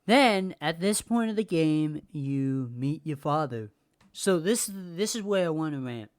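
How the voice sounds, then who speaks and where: A woman's voice: deep voice, expressive, a little slow, a little mellow. A woman hosting a podcast, ranting casually and heatedly with lots of swearing and repetition. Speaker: podcast host. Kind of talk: casual rant.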